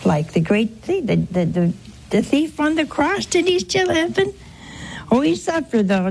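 A woman's voice: mid-range voice, gravelly, darkish tone, slight background noise. Older lady preacher telling a story, does little voices and whispers, takes her time. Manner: storytelling with acted-out quotes and whispers. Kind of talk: sermon on a gospel parable.

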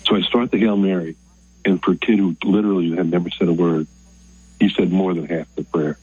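An older man from Maryland phones in to a radio show, his very deep, husky voice earnest and halting with emotion. The line sounds dull and lo-fi, like a telephone call. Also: fairly even intonation, a little mellow, no room sound. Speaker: caller.

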